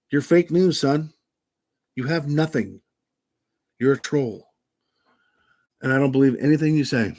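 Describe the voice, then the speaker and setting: A man's voice: mid-range voice, fairly bright tone. An older man hosting a livestream in casual chat, blunt and profane, given to ranting. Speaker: livestream host.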